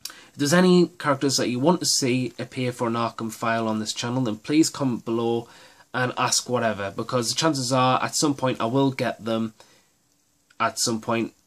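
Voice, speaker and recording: A man's voice: mid-range voice, moderate pace. A man hosting his own miniatures gaming channel, talking through tactics in a casual, rambling and enthusiastic way with many restarts.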